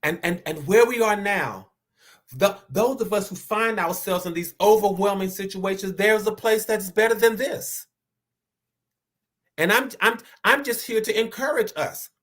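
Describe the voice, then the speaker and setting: An inspirational speaker giving a motivational sermon-style talk to their audience, often repeating words and slowing down to stress key lines. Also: mid-range voice, fairly bright tone. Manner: stammers and repeats words, slows down for emphasis; preacher-like, rising to emphatic declarations.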